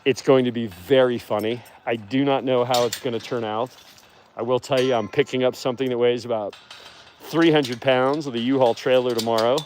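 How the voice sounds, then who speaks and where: A man's voice: medium pitch, fairly even intonation, fairly quick, darkish tone, slight background noise. A man hosting a casual livestream outdoors by wolf enclosures, talking in a rambling, chatty way with easy laughs, recorded on a handheld phone. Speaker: wolf sanctuary host.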